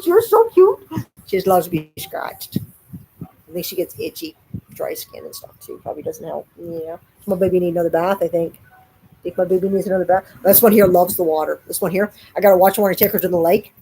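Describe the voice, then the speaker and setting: A woman's voice: on the low side, darkish tone, slight background noise, rough recording. Chatty Canadian woman vlogging. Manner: chatty and rambling, often addressing viewers. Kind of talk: casual live-stream chat.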